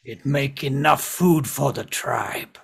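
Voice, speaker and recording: A man voicing a mournful goblin, one of the last of its tribe, who speaks in slow, broken, simple sentences with a gravelly, husky voice. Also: medium pitch, heavily acted.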